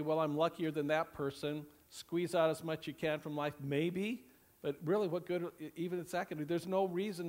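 A male pastor preaching a sermon to several campuses, rambling with lots of "you know" and slowing down for scripture. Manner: rambling, repeats phrases, many "you know" fillers; slows and drops low for scripture readings.

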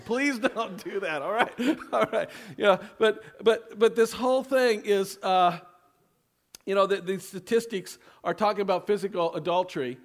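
A middle-aged male pastor preaching a sermon, delivering sarcastic mock advice in an emphatic, animated way and often laughing. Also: high-pitched, normal speed.

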